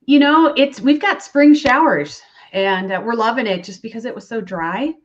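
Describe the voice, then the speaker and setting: A woman's voice: on the high side, moderate pace, muffled recording. A woman from Minnesota, a guest in a casual live-stream chat, cheerful and friendly. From Minnesota, USA. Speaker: guest, food safety coach.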